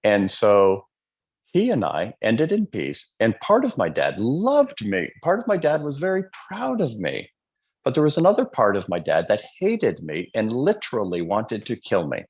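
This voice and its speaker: A man with a low, husky voice preaches gratitude in a live motivational speech. His pitch leaps and falls with great animation as he throws questions to the crowd and acts out quotes. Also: wildly swooping pitch, normal speed. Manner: fervent, often asks the audience questions. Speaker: motivational speaker.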